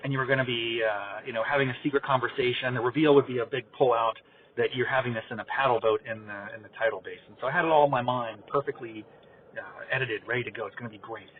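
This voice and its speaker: Male host, mid-pitch, talks loosely while driving, recorded thin and narrow like a phone line. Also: fairly even intonation, a crowd in the background. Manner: rambling, halting, trails off quietly. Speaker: podcast host. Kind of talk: casual chat while driving. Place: inside a car. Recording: tinny phone-like car recording.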